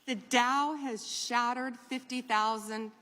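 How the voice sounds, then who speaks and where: A woman's voice: fairly high pitch, steady tone, slow, pushed and bright. A woman testifying at a formal hearing, emphatic and repeating her points. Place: large hearing room. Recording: hearing room with long reverb.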